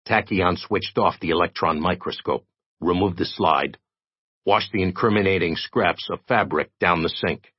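A man reading an audiobook in expressive scripted narration, on a dry, dull recording. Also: low-pitched, moderate pace, husky, no room sound.

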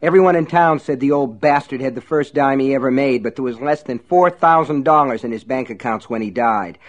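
A man reading aloud and voicing a dazed, hot-tempered small-town man who talks in a thick, rough way. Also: medium pitch, brisk, natural voice. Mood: furious. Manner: thick, sleepy, then furious.

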